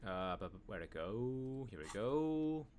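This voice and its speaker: A man's voice: mid-range voice, very animated, a little slow, darkish tone, slight background noise. A man streaming a video game, rambling casually and humming filler syllables while he thinks. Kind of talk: casual let's-play commentary.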